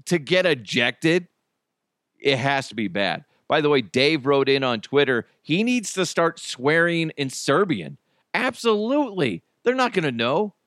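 A male podcast host in a casual solo rant, swearing freely, animated and laughing at his own jokes. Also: mid-range voice, no room sound, studio quality.

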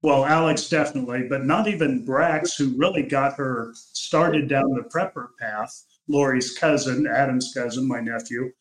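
An older man speaking as a podcast guest, measured and reflective, often restarting his sentences. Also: medium pitch. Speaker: podcast guest, uncle of the family. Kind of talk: reflective interview talk. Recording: echoey room.

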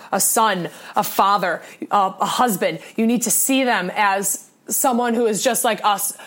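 A young woman co-hosting a sports podcast, talking in an earnest, rambling way with many restarts. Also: medium pitch. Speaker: podcast co-host. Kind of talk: casual sports podcast talk.

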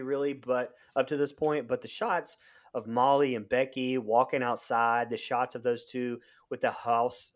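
A man co-hosting a podcast, reviewing a horror movie in blunt casual chat, swearing and laughing as he rambles. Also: mid-range voice. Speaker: podcast co-host.

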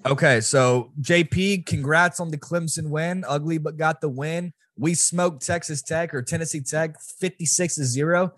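A man co-hosting a casual sports podcast, talking in loud, swaggering banter full of slang. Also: on the high side, normal speed, few pauses, no room sound. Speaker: podcast co-host.

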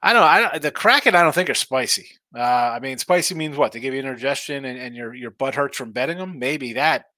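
A man's voice: mid-range voice, animated, fairly quick, hardly any pauses, sharp tone, no room sound. A man hosting a sports betting live stream, tired and yawning, rambling through picks and reading viewer chat aloud. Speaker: sports betting show host.

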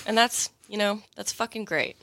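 A woman's voice: mid-range voice, moderate pace, bright, forceful tone. A woman co-hosting a casual podcast chat, playful and swearing. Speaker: podcast co-host.

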